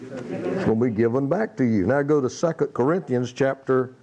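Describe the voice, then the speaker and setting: A man preaching a sermon, reading scripture slowly and then explaining it in plain, emphatic spoken style. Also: medium pitch, dark tone, muffled recording.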